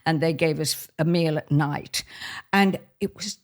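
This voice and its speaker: An older woman from Australia, telling lively stories of her dancing career as a podcast guest and laughing as she goes. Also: deep voice, a little slow. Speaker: guest, former ballet soloist. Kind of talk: anecdotal storytelling in conversation.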